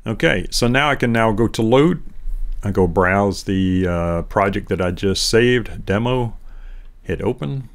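A man with a fairly low voice and measured pace gives a casual walkthrough of a conference audio setup as a product demo presenter. He's chatty, using fillers and restarting sentences, and he's picked up by a ceiling beamforming array mic.

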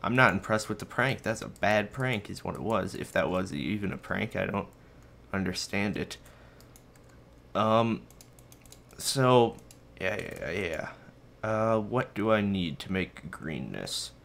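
Unhurried and animated, a young gaming host rambles through a casual let's-play in his bedroom. His voice is fairly low, gravelly, and fairly bright, and he's a bit out of breath as he jokes at his own expense and talks to his viewers and dog.

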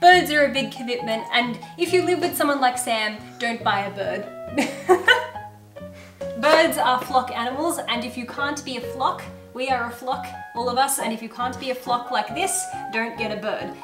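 A woman's voice: on the high side, moderate pace. A woman host chatting earnestly and emphatically in a casual Q&A at home. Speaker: YouTuber, parrot owner. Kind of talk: casual Q&A chat. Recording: roomy echo with background music.

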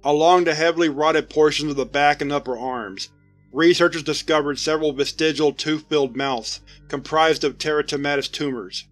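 Casting: male narrator, fairly high voice, steady report read over faint music. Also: normal speed. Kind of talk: scripted narration of a horror report.

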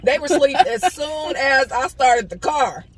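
A woman vlogger chatting casually to viewers during a mukbang eating video, telling stories in a relaxed, chatty way from inside a car. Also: sits high, unhurried, a little hiss or hum, rough recording.

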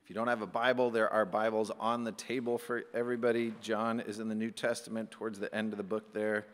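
A male pastor giving a conversational sermon, animated and acting out little asides. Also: on the low side, fast. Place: church sanctuary. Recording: church hall with long reverb.

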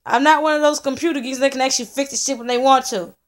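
A woman's voice: high-pitched, steady tone, fast. A young woman rants furiously into a camera. She swears constantly and circles back to the same complaint over and over. Her talk is an angry, casual vlog vent from her home studio. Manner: profane, ranting, repetitive. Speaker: vlogger. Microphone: camera in front of her.

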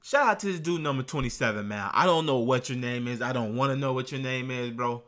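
A man's voice: medium pitch, fairly quick, a bit bright. A young man hosting a reaction vlog, ranting in brash slang and peppering every line with bro and man. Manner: brash slangy trash talk, keeps saying bro and man. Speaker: YouTube reaction host. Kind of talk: casual reaction vlog rant.

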